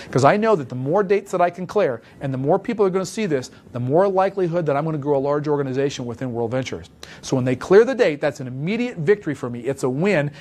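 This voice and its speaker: A man giving a sales training talk, coaching listeners step by step and acting out short sample phone calls in a direct, emphatic manner. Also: on the high side. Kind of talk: instructional talk with role-played phone calls.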